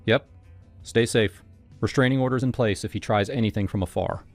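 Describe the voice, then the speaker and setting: A man's voice: lowish voice, fairly quick, natural voice. A man voicing a no-nonsense woman police detective who speaks in short, clipped sentences. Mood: matter-of-fact. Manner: curt, clipped. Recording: over loud background music.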